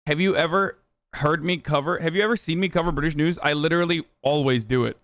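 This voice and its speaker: A man's voice: fairly high pitch, fast talker, fairly bright tone, dry recording. A male streamer giving casual, sarcastic and profane commentary on the news.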